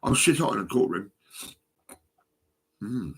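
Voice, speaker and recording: Husky, rambling, profane middle-aged Englishman. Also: on the low side, sing-song, unhurried. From England. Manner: rambling, profane, agitated, swings between mumbling and outbursts. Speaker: vlogger. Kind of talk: rambling monologue to camera. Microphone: phone.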